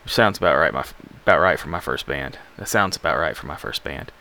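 A man's voice: rumbling low, lively intonation, fast, creaky, sharp tone. A man from Alabama, hosting a music show in a rambling, laid-back, self-deprecating way. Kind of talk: casual radio show chat.

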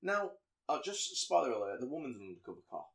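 A man talks through a film plot with a friend, loose and chatty. He keeps slipping into character voices for the lines he quotes, and his everyday voice sits at a medium pitch. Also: quick pace, vocal fry. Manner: animated storyteller, acts out quotes in voices. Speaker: podcast co-host. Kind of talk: casual chat recapping a film.

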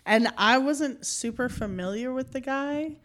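A woman's voice: sits high, a little slow. A woman who books comics for a club, chatting casually and laughing easily as she tells stories. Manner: relaxed storyteller, laughs often. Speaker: comedy club booker and host. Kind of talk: casual chat.

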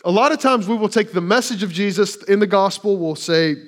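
A man's voice: high voice, a little fast, hardly any pauses. A man preaching a sermon as a church pastor, conversational, with rhetorical questions and casual asides.

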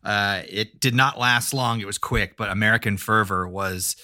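A man's voice: lowish voice, moderate pace, sharp tone. A man appearing as a podcast guest, chatting casually in an easygoing way and adding facts. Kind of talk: casual chat.

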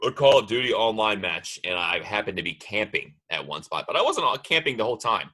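Husky, bright-voiced rambling man. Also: on the low side, very animated, brisk. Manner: rambling, trails off mid-sentence. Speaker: podcast co-host. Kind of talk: casual chat.

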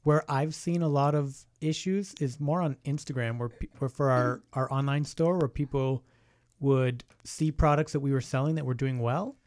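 A man's voice: mid-range voice, moderate pace, darkish tone, no room sound, clean studio sound. A man speaking as an interview guest in an easygoing, plain-spoken way. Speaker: guest, business partner. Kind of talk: casual interview chat.

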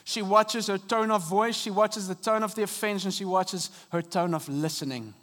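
A man preaching a sermon from a church stage into a microphone, earnest and dynamic, with sudden soft drops and emphatic rises. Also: sits high, normal speed. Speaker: pastor. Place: church auditorium.

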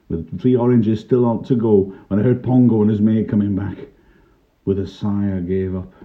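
An older man, telling a childhood story in a wry, dry-humoured first-person way. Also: lowish voice. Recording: tinny lo-fi narrow-band recording.

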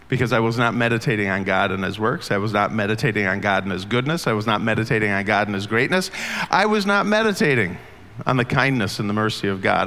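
A man's voice: lowish voice, fairly bright tone. A man preaching a sermon as pastor, earnest and conversational, asking the congregation questions. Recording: long hall reverb.

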